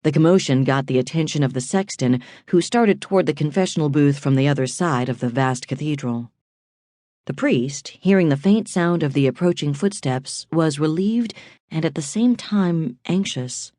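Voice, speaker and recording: Woman narrating a dark thriller audiobook. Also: deep voice, expressive, normal speed, no room sound, studio quality.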